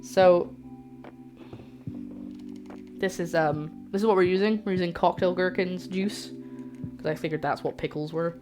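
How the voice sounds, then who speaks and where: A young woman from the UK chatting casually on a cooking livestream, reading out recipe steps and reacting to her chat with excited disbelief, talking into a streaming mic in her home kitchen. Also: fairly low pitch, a little slow, pauses often. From United Kingdom. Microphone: streaming microphone. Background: guitar music.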